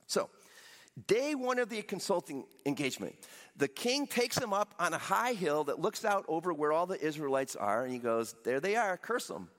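A man's voice: fairly high pitch, big pitch swings, moderate pace, a bit bright, big-room sound. A man preaching a sermon, retelling a story with playful voiced asides for the characters. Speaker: pastor.

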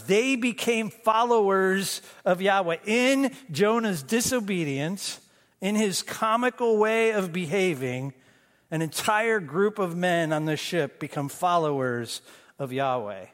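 A middle-aged pastor preaching a sermon in a conversational way, with self-deprecating humor, acting out the voices of the story. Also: male voice, high-pitched, lively intonation, unhurried, a bit bright. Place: church sanctuary. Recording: long hall reverb.

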